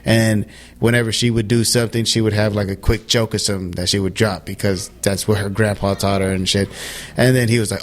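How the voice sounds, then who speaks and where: A man's voice: fairly low pitch, little pitch movement, quick pace. A man co-hosting a casual podcast, blunt and profane, pushing back on his friend's views about films. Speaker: podcast co-host. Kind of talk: casual chat about movies.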